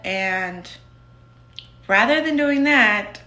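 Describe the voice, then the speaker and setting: A woman's voice: medium pitch, measured pace, sharp tone, reverberant. A woman telling her own story in a casual, candid, blunt way, full of "like". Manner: candid and blunt, with many fillers of "like".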